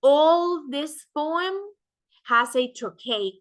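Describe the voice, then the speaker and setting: A woman's voice: high voice, animated, drawn-out words. A woman, a native Spanish speaker, giving a classroom lecture and explaining step by step, often asking "right?" to check understanding. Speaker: teacher.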